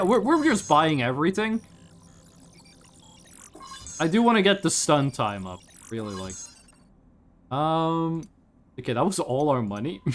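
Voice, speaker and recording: A young man from Scandinavia streaming a game, joking and teasing his chat in casual banter. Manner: animated, quick swings in pitch.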